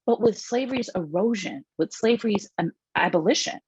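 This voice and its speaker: Reading aloud from her own book at a public talk, this middle-aged author keeps stopping for asides, full of fillers and restarts, and lifts her pitch for quoted passages. Her husky, darkish voice is expressive and a little fast. The recording is dry, with the highs cut off.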